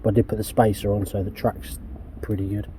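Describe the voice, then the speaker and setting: With background noise around him, an English man talks in a lowish, level voice, fairly quickly. He's a DIY van customizer vlogging casually while working on his van outdoors, rambling and swearing often in a relaxed way.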